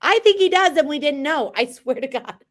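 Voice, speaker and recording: A woman co-hosting a casual chat show, teasing and animated when telling stories. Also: sits high, moderate pace. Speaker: co-host.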